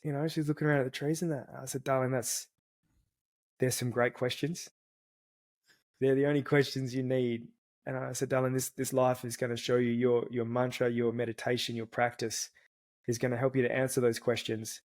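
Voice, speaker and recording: A man's voice: mid-range voice, level tone, normal speed, a little mellow. A man telling his own story as a podcast guest, earnest and reflective, often restarting his words.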